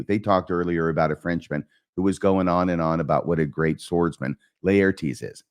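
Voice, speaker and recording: A man's voice: deep voice, normal speed, few pauses. A man hosting a literature lesson, explaining and paraphrasing verse lines. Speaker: host.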